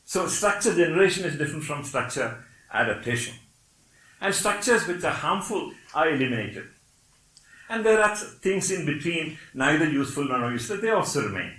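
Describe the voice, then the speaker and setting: Heard in an echoey room on a rough recording, this lecturer has a fairly high, sharp-toned voice with big pitch swings and a slightly fast pace. He is an older man from Kerala, India, whose first language is Malayalam, speaking English with a Malayali accent. He explains patiently, frequently asks "Okay?", and laughs wryly.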